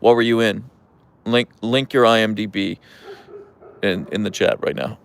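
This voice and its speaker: A tired, relaxed man hosting a casual livestream, rambling with fillers as he answers viewer comments. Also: fairly low pitch, normal speed, creaky, clear, resonant tone. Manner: relaxed, rambling, with fillers, soft coos to the dogs. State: tired, yawning. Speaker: livestream host with pet huskies.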